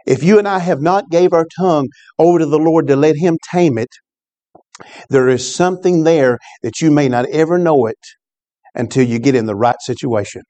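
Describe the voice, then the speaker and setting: A man preaching from the pulpit. His voice sits somewhat high for a man yet stays mellow and warm. He drops in asides that call on the congregation to answer. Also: moderate pace. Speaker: pastor. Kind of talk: sermon.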